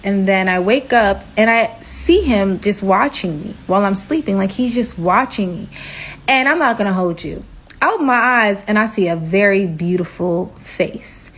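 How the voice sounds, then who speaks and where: A young woman telling a personal story in a casual storytime vlog, candid and animated, with her voice jumping up for her own outbursts. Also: mid-range voice, moderate pace. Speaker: storytelling creator.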